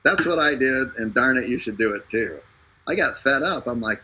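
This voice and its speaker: A man hosting a live stream, making a casual, joking sales pitch full of fillers and restarts. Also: lively intonation, moderate pace, pushed and bright, husky, poor audio. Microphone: streaming over an internet connection.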